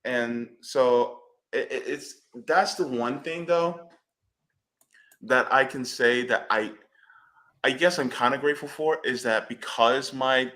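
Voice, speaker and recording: A man's voice: medium pitch, takes it slowly, a bit bright. A man speaking on a panel discussion, emphatic and blunt, swearing freely when he gets fired up.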